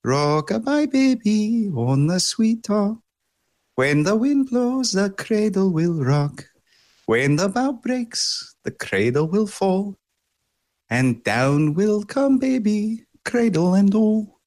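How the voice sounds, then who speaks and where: A man voicing a female dwarf, singing a lullaby in a high head voice. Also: sing-song, slow pace, exaggerated voice. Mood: tender lullaby. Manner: sung softly in a high head voice.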